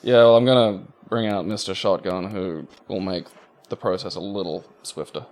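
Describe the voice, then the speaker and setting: A man's voice: deep voice, normal speed, a little mellow. A man co-hosting a gaming podcast while he plays, muttering to himself and swearing at the game between bits of chat. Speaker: podcast co-host playing a video game.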